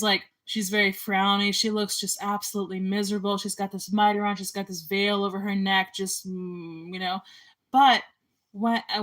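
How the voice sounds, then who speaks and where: Young woman, casual chat, rambling, filler-heavy, middle-pitched voice, indie filmmaker. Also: poor audio. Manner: rambling, chatty, lots of ums and likes. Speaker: amateur filmmaker and artist.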